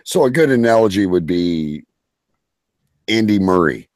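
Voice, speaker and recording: A man's voice: low voice, lively intonation, measured pace, a little mellow, dry recording, studio quality. A Canadian man on a livestream podcast as a guest, chatting casually in a joking, self-deprecating way.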